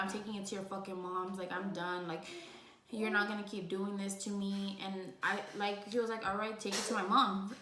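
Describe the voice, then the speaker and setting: A woman's voice: mid-range voice, bright, forceful tone, a little hiss or hum. Young woman telling a tearful story in an echoey room. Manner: rambling, heavy use of "like"; emotional, tearing up at times. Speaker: vlogger. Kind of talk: casual storytime vlog.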